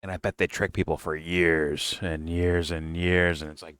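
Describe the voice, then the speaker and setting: Fields: Sex: man. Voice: bright, dry. Style: profane, ranting reaction commentary. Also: deep voice, normal speed, hardly any pauses, clear, resonant tone, no echo. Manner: animated, loud, swearing, mocking, rants. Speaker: reaction stream host.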